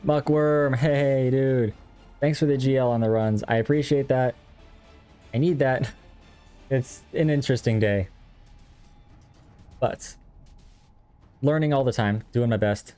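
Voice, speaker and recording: This young game streamer from Texas has a warm, smooth, medium-pitched voice. He speaks a little slowly with fairly even intonation and frequent pauses, chatting casually with viewers and running himself down as he plays over faint game music.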